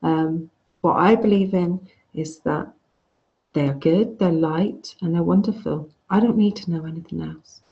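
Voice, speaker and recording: Gravelly-voiced woman teaching online. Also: lowish voice, a little slow. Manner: chatty, frank, restarts phrases. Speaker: course teacher. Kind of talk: casual online lecture. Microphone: video call. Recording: dull lo-fi video call audio.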